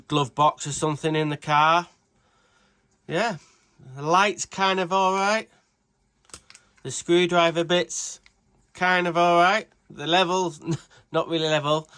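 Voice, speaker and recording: Man, British accent, tool reviewer, casual vlog, rambling, slightly high-pitched. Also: a bit bright. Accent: British English. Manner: chatty, rambling, swears casually. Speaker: tool reviewer, channel host.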